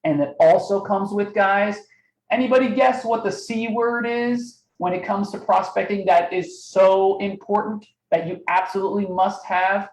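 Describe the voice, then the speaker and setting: A man's voice: sits high, normal speed, roomy sound, rough recording. A man hosting a live sales training webinar, talking energetically and firing off "right?" and "okay?" at his audience. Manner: energetic, coaching, many rhetorical "right?" and "okay?". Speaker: webinar host.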